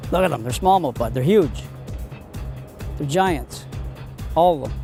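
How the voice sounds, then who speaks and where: A man hosts a fishing show from a boat outdoors, his voice pitched high with a gravelly edge. He exclaims at every catch and even chats to the fish as he reels them in. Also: measured pace, pauses often, soft background music. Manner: excitable, exclamatory, talks to the fish. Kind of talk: on-the-water fishing commentary.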